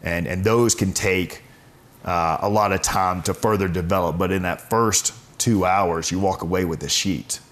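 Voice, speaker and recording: A man's voice: sits low, fairly even intonation, moderate pace, a bit bright. A man telling stories as a guest in a casual interview, earnest and often stumbling over repeated words. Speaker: podcast guest.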